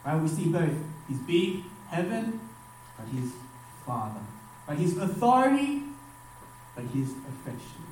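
A man preaching to young people, emphatic, rising on key phrases and dropping his voice low at the end of each line. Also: very animated, measured pace, pauses often, darkish tone, slight background noise. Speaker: youth pastor. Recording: far-off mic in a very echoey hall.

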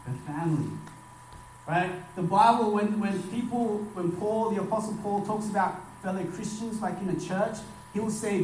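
A man preaching to young people, emphatic, rising on key phrases and dropping his voice low at the end of each line. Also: a little hiss or hum. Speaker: youth pastor. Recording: far-off mic in a very echoey hall.

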